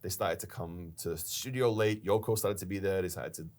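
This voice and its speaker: A man with a very low voice recounts a story in a relaxed business chat. He tells it with animation and laughs now and then as he co-hosts. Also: fairly quick. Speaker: company founder and podcast co-host.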